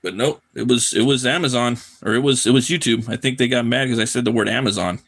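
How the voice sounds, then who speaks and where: A man's voice: medium pitch, quick pace, a bit bright, husky. A man chatting casually on a live drawing stream, loose and profane, often repeating his words as he rambles. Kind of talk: casual chat while drawing.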